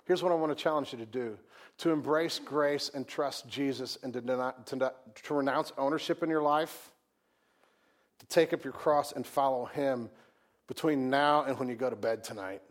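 Man preaching a sermon, goes big and loud then drops real quiet, repeats himself a lot. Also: medium pitch, normal speed. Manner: swings from loud emphatic preaching to quiet hushed asides; conversational, repeats words and restarts. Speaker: pastor.

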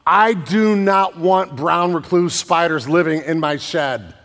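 Man, pastor, casual lively sermon, high voice, long reverb of a church hall. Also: slow. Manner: casual, animated preaching with slang and acted-out voices.

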